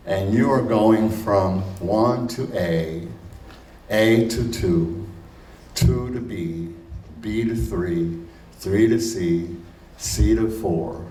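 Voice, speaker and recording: Male conference speaker, low warm tone, talks off the cuff, heard from afar in an echoing hall. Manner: conversational, many fillers, slows to stress points. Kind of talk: conference lecture. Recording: roomy hall, distant mic, faint noise.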